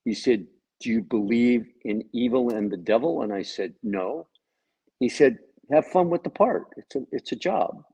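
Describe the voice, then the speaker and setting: A medium-pitched, creaky voice, dark and husky, belongs to an actor interviewed by video call about his acting role. Moving at a moderate pace, he jokes and relates stories with quoted dialogue in a relaxed chat, captured on a rough recording.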